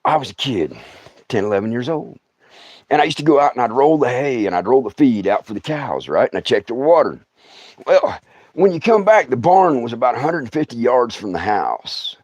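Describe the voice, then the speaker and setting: Lively man telling comic stories. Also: mid-range voice, a little fast, no room sound. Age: middle-aged. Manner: animated, laughs often, acts out scenes. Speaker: storyteller host. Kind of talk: comic storytelling livestream.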